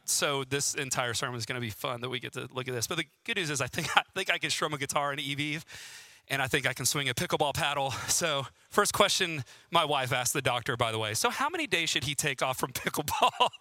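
A man's voice: mid-range voice, fairly quick, pushed and bright, no room sound. A man in his thirties, a pastor giving a sermon with personal stories, chatty and self-deprecating and laughing often.

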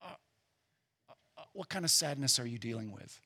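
A man preaching a sermon as pastor, earnest and emphatic, at times dropping to a quiet, reflective tone. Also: mid-range voice, expressive, brisk, slightly rough.

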